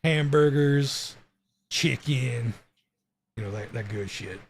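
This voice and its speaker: A man's voice: mid-range voice, slow, creaky, slight background noise. A young American man hosting a stream, chatting casually and making crude jokes. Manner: joking, crude and laughing often. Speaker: streamer host. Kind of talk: casual chat.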